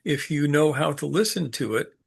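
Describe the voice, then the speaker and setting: A man giving an unscripted teaching talk, halting and full of fillers, with a dry sense of humor. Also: fairly high pitch, vocal fry, husky. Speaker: speaker leading a study group talk.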